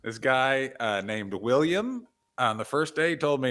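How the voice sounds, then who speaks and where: A man co-hosting a podcast, telling crude, animated comic stories from a corner of his living room. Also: mid-range voice, a little slow, dry recording, studio quality. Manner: animated, profane storytelling. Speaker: podcast co-host. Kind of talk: crude comedic banter.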